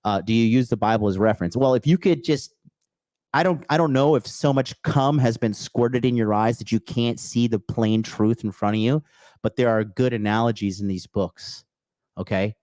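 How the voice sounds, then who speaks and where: A man's voice: mid-range voice, steady tone, normal speed, a little mellow, dry recording. Blunt, swearing man ranting into a dry mic. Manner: blunt, crude, swears often, repeats okay; emphatic bursts, repeating key phrases. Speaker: podcast host. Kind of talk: profane motivational rant with chat replies.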